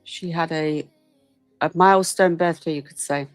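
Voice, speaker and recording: A woman's voice: low-pitched, fairly even intonation, normal speed, dry recording, faint music behind. A middle-aged British woman hosting a casual live stream and chatting through viewer messages. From Britain. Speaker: host.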